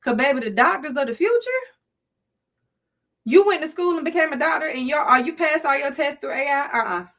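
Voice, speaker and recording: A middle-aged woman with a Southern US accent hosts a casual livestream, chatting with her viewers in a playful, preachy manner. Her voice is high, a bit bright, and animated, and she talks fairly quickly.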